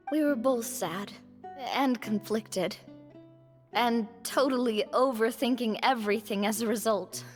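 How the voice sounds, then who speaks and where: A woman voicing a young woman who reflects on losing her father and a friend, in a warm storytelling way. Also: on the high side, big-room sound. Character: cheerful young woman recalling a lost father.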